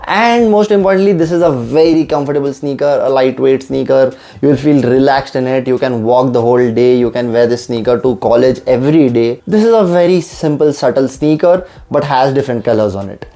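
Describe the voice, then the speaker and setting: A man's voice: medium pitch, brisk, hardly any pauses, dark tone. A young man, eagerly unboxing and reviewing sneakers and often repeating how much he loves them. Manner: enthusiastic, repeats "I just love".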